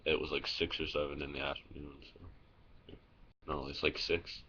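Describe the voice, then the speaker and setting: A man's voice: very deep voice, level tone, normal speed, bright, forceful tone, highs cut off, a little hiss or hum. A young man vlogging in a casual, rambling way, telling stories full of fillers, restarts and swearing, recorded on a phone. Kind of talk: casual vlog storytelling.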